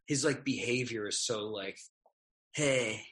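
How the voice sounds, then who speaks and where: A man co-hosting a podcast in casual chat, crude and mocking, often slipping into quick impressions of others. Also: medium pitch, a bit bright. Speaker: podcast co-host.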